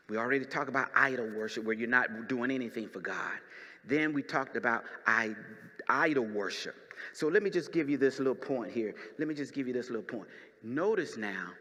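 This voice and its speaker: Man, pastor, sermon, sharp piercing tone, long hall reverb, shifts from soft teaching to shouting. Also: medium pitch. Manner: swings from quiet teaching to shouted preaching. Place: church sanctuary.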